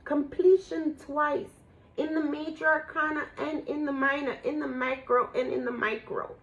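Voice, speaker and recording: A woman doing a casual spiritual tarot reading for her viewers, emotional and a little profane, swinging between excited outbursts and hushed awe. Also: sits high, normal speed, highs cut off. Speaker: tarot reader.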